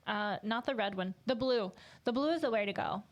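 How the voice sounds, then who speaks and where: A woman co-hosting a podcast in casual chat, teasing and playful with deadpan asides. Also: fairly high pitch, fairly quick. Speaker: podcast co-host.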